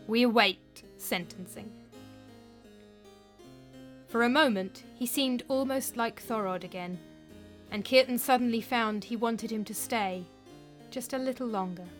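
Woman, audiobook narration, measured delivery, faint music underneath. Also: a little high.

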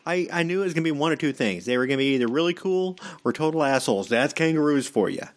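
A man's voice: fairly high pitch, fast talker. Profane, casual male podcast co-host. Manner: loose and profane, animated storytelling. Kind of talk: casual chat.

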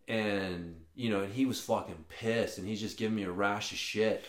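A man's voice: lowish voice, steady tone, moderate pace. Profane storytelling man in echoey room. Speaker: podcast co-host. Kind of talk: casual chat, storytelling. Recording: roomy echo.

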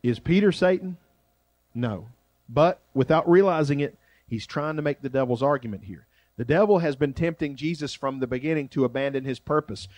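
A man preaching a sermon as pastor, shifting between loud emphasis and quiet, drawn-out phrases. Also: mid-range voice, no echo.

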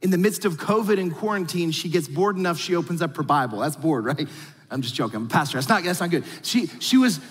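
A man preaching a sermon as pastor, telling stories with animated energy and often repeating words as he starts a phrase. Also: high-pitched, husky. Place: large church auditorium. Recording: long hall reverb.

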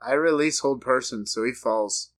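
A man playing a tabletop game, briskly declaring his character's spells and actions. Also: mid-range voice, a bit bright. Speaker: player.

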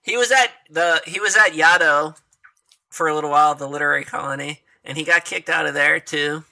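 A man's voice: a little high, fairly quick, creaky, pushed and bright. A man telling stories in casual conversation, chatty and laughing often. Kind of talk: casual conversation about poetry.

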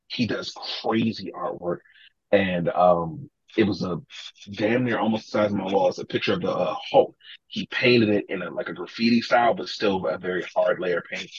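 A man, a podcast guest, telling animated stories in casual talk, acting out other people's lines and swearing freely. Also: on the low side, slightly rough, no echo, muffled recording. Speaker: podcast guest, sneaker collector. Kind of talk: casual storytelling.

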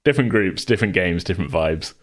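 A man's voice: sits low, lively intonation, fast. A man hosting and running a tabletop game, chatting casually and laughing often. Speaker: game master and show host.

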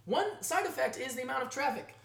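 A man hosting a casual news-style show, jokey and animated, his voice jumping from loud outbursts to quiet asides. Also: extremely high pitch, fast, vocal fry. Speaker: show host. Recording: echoey room.

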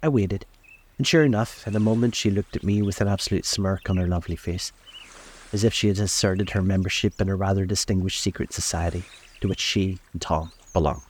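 A man reading a novel aloud in a calm, measured way, recorded outdoors on a lakeside deck. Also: deep voice, slight background noise. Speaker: storyteller.

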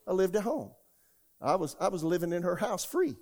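A man preaches a sermon as a pastor. His voice sits a little high for a man. He tells stories from his own life and rises to loud, shouted quotes. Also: expressive, brisk. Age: 60s. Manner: storytelling, rising to shouts when quoting God.

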